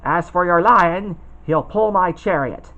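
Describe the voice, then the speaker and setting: A cruel old witch from a storybook, as a man puts her on, with a shrill, screeching voice pitched far above his own. The sound is dull and lo-fi. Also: slow pace, bright, forceful tone, full character voice. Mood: menacing.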